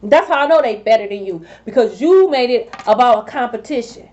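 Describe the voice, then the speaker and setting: A woman's voice: fairly high pitch, animated, a little fast, a little mellow, dull audio. A woman tarot reader scolding her rivals in a sassy, profane vlog monologue. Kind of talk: confrontational spiritual vlog monologue.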